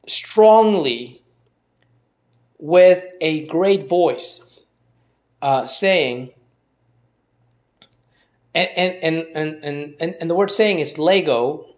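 A man with a somewhat higher voice preaches through a Bible passage. He stumbles and repeats words as he thinks aloud, then slows right down to press his main points. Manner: halting, with many repeated words and restarts. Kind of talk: sermon-style Bible teaching.

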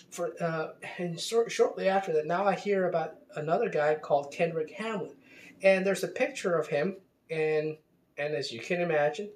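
Halting man in an echoey room. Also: fairly high pitch, far from the mic. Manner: halting, many fillers and restarts. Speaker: podcast host. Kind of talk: reading news aloud and commenting. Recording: echoey room, away from mic.

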